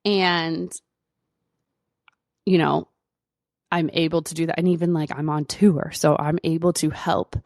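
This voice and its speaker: Low-voiced woman doctor rambling through a story on her podcast, lots of likes and you knows, dry close sound. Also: no room sound. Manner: chatty, lots of fillers, animated retelling. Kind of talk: casual solo podcast storytelling.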